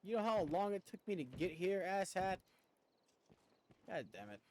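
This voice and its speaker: A male streamer talks through his game in loose, rambling commentary, tripping over his words and mocking himself. His voice sits high and swings widely in pitch. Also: very animated, normal speed, slight background noise. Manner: rambling, stammering, self-mocking. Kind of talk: casual gameplay commentary.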